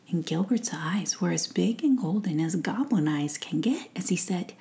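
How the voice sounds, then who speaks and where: A woman narrating a bedtime story in a hushed, soothing whisper. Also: lowish voice, expressive, moderate pace, gravelly, few pauses.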